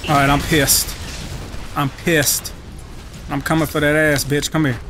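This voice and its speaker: Young man, gaming commentary, trash-talking, excitable, slightly high voice. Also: unhurried. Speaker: gaming channel host. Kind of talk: live game commentary. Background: game music.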